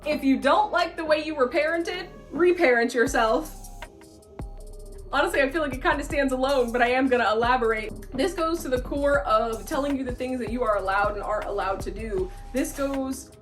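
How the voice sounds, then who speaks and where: A woman in her late twenties talks straight to camera in a casual vlog, blunt and emphatic. She hammers her points home by saying them twice. Her voice sits a little high, and soft music plays underneath. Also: normal speed. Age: late 20s. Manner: emphatic, blunt, repeats lines for effect. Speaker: vlogger.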